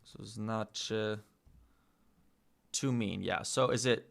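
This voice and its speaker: Bright-voiced man musing aloud while studying. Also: on the low side, vocal fry. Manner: musing, self-correcting, sounds out foreign words slowly. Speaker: vlogger learning a language. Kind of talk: casual thinking-aloud study session.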